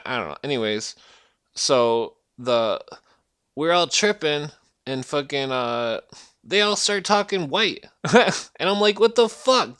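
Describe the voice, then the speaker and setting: A man's voice: fairly high pitch, pushed and bright, clear, resonant tone, no echo, clean studio sound. A man rambling through a profane rant at home, swearing constantly, trailing off and restarting his sentences. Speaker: vlogger ranting to camera.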